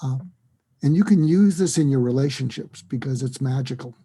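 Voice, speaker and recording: A man, a psychiatrist, giving advice in an interview, acting out lively example dialogues. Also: medium pitch, moderate pace, husky. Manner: animated, acts out dialogue in quoted voices. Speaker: psychiatrist and guest.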